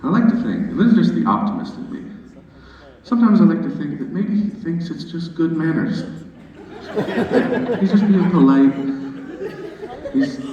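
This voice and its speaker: A male stand-up comedian performing a set in a comedy club with an animated, playful, self-mocking delivery. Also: a little high, moderate pace, pauses often, recorded from a distance, muffled recording. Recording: echoey club recording from afar, crowd laughter.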